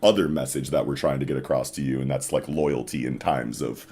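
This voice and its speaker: A man on a casual podcast, excitedly retelling a story and dropping into low murmurs. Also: fairly quick, breathy edge. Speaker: podcast co-host.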